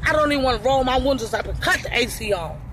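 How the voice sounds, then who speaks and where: A woman rants from the seat of her car, swearing hard and circling back to the same points in exasperation. Her voice sits high, and street noise carries in clearly around her. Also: expressive, fast talker. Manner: heated, repetitive, swearing, exasperated. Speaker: livestreamer ranting in her car. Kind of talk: angry profane rant. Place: inside a parked car outdoors.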